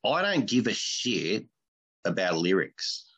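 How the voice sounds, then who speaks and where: A man's voice: fairly low pitch, big pitch swings, takes it slowly, a bit bright, husky. A man hosting a podcast in casual chat, with a blunt, opinionated and crude way of talking. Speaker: podcast host.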